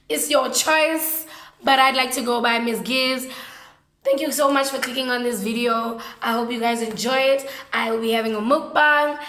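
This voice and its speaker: Botswana lady vlogging, kinda high voice, chatty slangy storytime, echoey room. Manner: lively, slangy, animated storytelling. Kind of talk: casual storytime chat.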